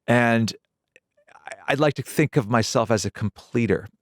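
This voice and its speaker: A man's voice: mid-range voice, normal speed, no room sound, clean studio sound. A middle-aged man, a pop producer and pianist, talking thoughtfully as a radio guest and often repeating words. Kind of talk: casual radio interview. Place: radio studio.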